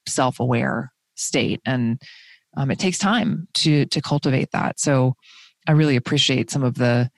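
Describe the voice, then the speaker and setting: A man's voice: medium pitch, unhurried, creaky, no room sound. A man with a mid-range voice hosts an interview and talks as a coach. He speaks thoughtfully and often searches for the right words. The recording is dry and close. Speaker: podcast host and coach. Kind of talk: conversational interview.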